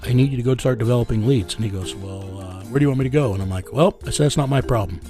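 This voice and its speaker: A man's voice: mid-range voice, rapid-fire, music in the background. A man telling a story in an interview. He rambles in a casual, profane way and keeps acting out conversations with "I said" and "he goes.". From United States. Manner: rambling, profane, reenacts dialogue with repeated "I said". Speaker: interviewee, vigilante team leader.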